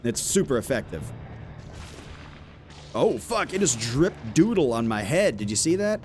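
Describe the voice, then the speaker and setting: A man live-streaming a game, chatting loosely with his viewers and swearing, with sudden loud outbursts. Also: medium pitch, sing-song, unhurried, a little hiss or hum. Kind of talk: casual live-stream chat while playing a game.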